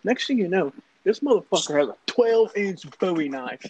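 A man's voice: sits high, moderate pace, dull audio. A young man telling a rambling, profane story to friends in casual chat. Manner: profane, rambling, animated anecdote. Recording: noisy casual recording.

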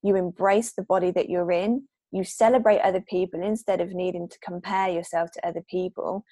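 A woman's voice: on the low side, steady tone, brisk, mellow, no room sound. A woman guest on a podcast, explaining her views with confident emphasis. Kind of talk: casual podcast conversation.

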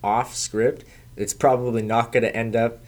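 A man's voice: medium pitch, level tone, moderate pace, a little mellow. A young man and stand-up comic, chatting casually and rambling with lots of "like"s and restarts. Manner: rambling, many "like"s and restarts, swears. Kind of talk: casual chat.

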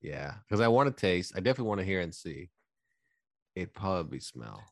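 Man, podcast host, casual chat, joking, profane, lively pitch, dry close mic. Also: fairly quick, gravelly, dry recording. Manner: joking, profane, laughs often.

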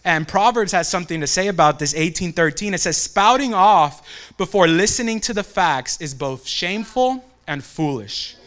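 Bright-voiced young man telling a story. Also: sits high, normal speed. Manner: animated storyteller who acts out family quotes. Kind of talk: devotional talk with a personal story.

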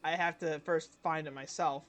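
A young man co-hosting a casual podcast, his voice sitting high for a man. He rambles, restarts his sentences and leans on filler words. The sound is close and dry, with no room around it. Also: fairly even intonation, a bit bright, dry recording. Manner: rambling, full of "like" and restarts, breaks into quick voice impressions. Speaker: podcast co-host. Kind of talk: casual chat.

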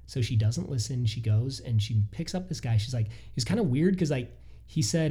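A man co-hosting a podcast, telling a listener's story in a casual, animated way with frequent laughs. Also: medium pitch, breathy edge. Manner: animated, laughs often, quick asides. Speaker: podcast co-host.

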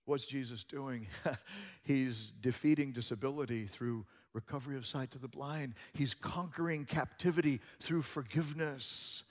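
A man preaching a sermon as a pastor, moving between hushed passages and loud, emphatic ones. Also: medium pitch, normal speed, big-room sound.

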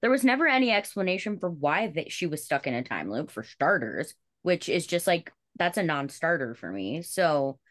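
A woman's voice: low voice, very animated, moderate pace, hardly any pauses, fairly bright tone, dry recording, clean studio sound. A woman co-hosting a podcast in casual chat, opinionated and teasing. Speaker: podcast co-host.

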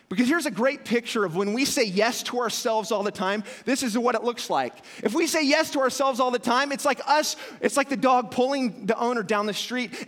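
A young man preaching a sermon, telling stories with lively acted-out shouts. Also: high voice. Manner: animated storytelling, acting out scenes with sudden loud shouts. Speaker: pastor. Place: church hall with a dog on stage. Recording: long hall reverb.

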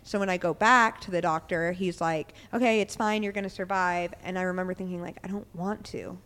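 A woman's voice: on the low side, steady tone, a bit bright, smooth, long reverb tail. A young adult woman, a podcast guest, telling her own story candidly and casually, with many "um"s and "like"s. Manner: candid, quick retelling with many "um" and "like".

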